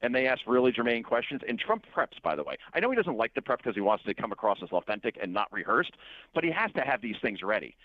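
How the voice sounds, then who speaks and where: A man speaking as a guest columnist in a talk radio interview, rapid and opinionated. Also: medium pitch, sing-song, lo-fi sound.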